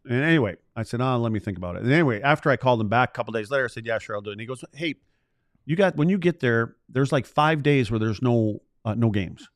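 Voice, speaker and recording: A man's voice: medium pitch, lively intonation, fast talker, dry recording, clean studio sound. A man in his sixties, a former player turned podcast co-host, telling rambling stories in casual chat and acting out the dialogue. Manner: rambling storyteller, acts out quoted dialogue.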